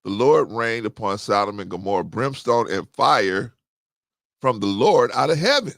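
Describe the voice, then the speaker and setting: An animated host at normal speed, his voice a bit bright, jokes through scripture in casual comic commentary, laughing often and preaching in sudden-pitched bursts of preachy storytelling. The studio-quality audio has no echo.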